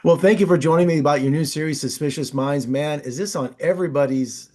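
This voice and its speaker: A man's voice: fairly high pitch, fast talker, darkish tone. A middle-aged man hosting as a film critic, chatty and enthusiastic, with a small stammer. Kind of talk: casual interview.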